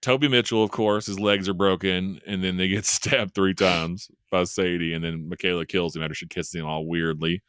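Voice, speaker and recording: A man's voice: low voice, steady tone, moderate pace, few pauses, fairly bright tone, clean tone, no room sound, studio quality. A man co-hosting a podcast, rambling through a casual recap with amused laughs. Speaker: podcast co-host. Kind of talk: casual chat recapping a horror film.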